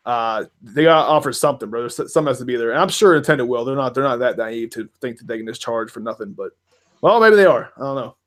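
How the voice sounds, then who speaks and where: A man's voice: mid-range voice, animated, fast talker, fairly bright tone. A man hosting a casual gaming podcast, rambling and reading viewer questions from the chat aloud. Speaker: podcast host.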